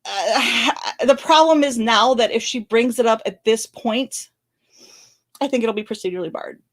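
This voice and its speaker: A woman speaks on camera in a fairly high voice, close to tears as she delivers emotional commentary. She talks quickly and bluntly, breaking off to restart and apologize. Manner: fast, blunt, candid talk with many apologies and restarts. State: tearful, crying on and off. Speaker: channel host commenting on a legal case. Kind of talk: emotional live-stream commentary. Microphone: camera recording.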